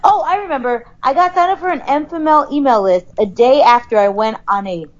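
A woman's voice: sits high, brisk, muffled recording. A woman co-hosting a podcast, telling a story in casual chat with an exasperated, profane manner. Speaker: podcast co-host.

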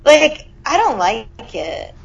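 A woman's voice: on the high side, big pitch swings, slow pace, vocal fry, dull audio, slight background noise. A woman co-hosting a casual podcast, reacting expressively and laughing easily. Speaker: podcast co-host. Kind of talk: casual chat.

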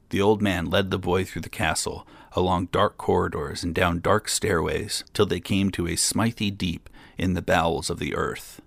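A man reading a fairy tale aloud in a calm, steady storytelling manner. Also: low voice, moderate pace, vocal fry, few pauses, no echo.

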